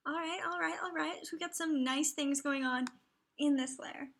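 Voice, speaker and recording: A woman's voice: sits high, steady tone, moderate pace, a bit bright, slight background noise. A young adult woman hosting a casual livestream, chatting along and often dropping into half-whispered asides. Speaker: livestream host. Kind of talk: casual live commentary.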